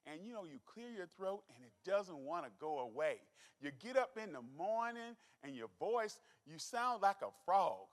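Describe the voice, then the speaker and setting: Doctor guy, folksy and animated onstage, highish voice, big echoey hall. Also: moderate pace, hardly any pauses. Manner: folksy, animated, joking with the crowd. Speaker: doctor giving a health talk. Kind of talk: lively onstage health talk to an audience. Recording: long hall reverb.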